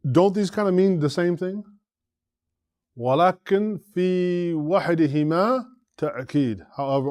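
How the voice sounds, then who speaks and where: A man's voice: a little high, a little mellow, no room sound, studio quality. A man teaching a classroom lecture, explaining step by step, often asking the class questions and checking in with "right?". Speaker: Arabic teacher and imam.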